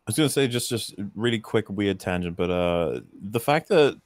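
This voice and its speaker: A man's voice: on the low side, expressive, normal speed, no echo, clean studio sound. A man co-hosting a casual film chat, telling rambling anecdotes with chuckles.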